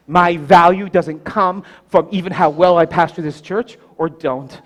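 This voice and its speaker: A high-pitched male pastor delivering a storytelling sermon. He swings from loud, bright passages to near-hushed lines and stretches key words with slow, deliberate pauses.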